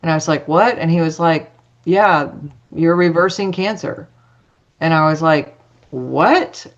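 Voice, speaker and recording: A woman's voice: low voice, fairly even intonation, moderate pace. Woman, podcast guest, chatty storytelling, quoted dialogue, fillers, muffled lo-fi audio.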